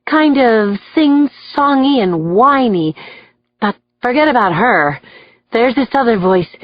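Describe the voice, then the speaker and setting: A woman's voice: a little high, no room sound, highs cut off, pitched above the performer's own voice. Woman doing an agitated, unstable male defendant. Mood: haunted. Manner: raised, agitated, emotional.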